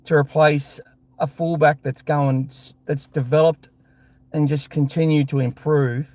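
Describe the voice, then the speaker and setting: A man with an Australian accent holds forth on his live fan show in a blunt, heated, profane rant. His voice sits a little higher than most men's. The sound is dry, with no room echo. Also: a little mellow.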